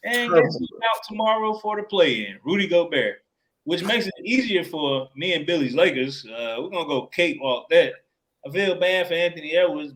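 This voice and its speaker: A man runs a casual sports chat with a fairly high voice. He swears freely and jokes between points. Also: a bit bright. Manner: profane, joking, laughs often. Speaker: podcast co-host.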